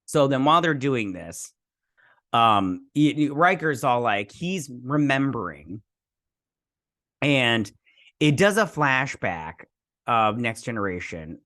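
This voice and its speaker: A man's voice: medium pitch, very animated, slow pace, pushed and bright, no room sound, studio quality. A man hosting a casual episode review, rambling and hesitant, with lots of fillers and restarts, and often poking fun at his own memory. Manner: self-deprecating. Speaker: show host reviewing a TV episode.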